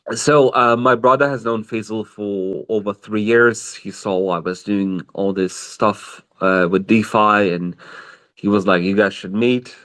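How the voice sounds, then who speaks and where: A man's voice: fairly low pitch, a bit bright. A man answering interview questions in a casual online voice chat, hesitant and full of fillers and restarts. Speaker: project co-founder, guest. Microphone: online voice call.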